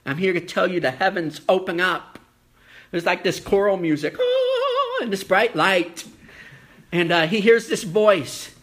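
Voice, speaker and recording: A man's voice: high-pitched, moderate pace, fairly bright tone. A man, a pastor, delivering a sermon in an earnest storytelling way, reading scripture and asking rhetorical questions.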